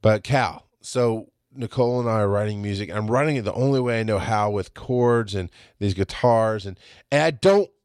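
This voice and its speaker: A man in his late thirties talking in a casual podcast monologue, blunt and animated, swearing often. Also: on the low side, normal speed, no echo, studio quality. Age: 30s. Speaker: podcast host.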